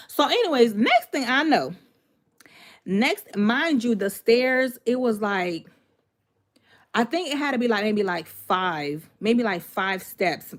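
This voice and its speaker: A woman vlogger casually telling a personal story to her viewers, animated and emphatic, repeating phrases and breaking off with asides. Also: medium pitch.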